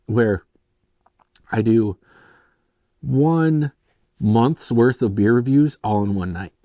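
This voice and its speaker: Young male host from Michigan, low voice, dry close sound, rambling and self-deprecating casual beer review. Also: mellow, no echo. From Michigan, USA.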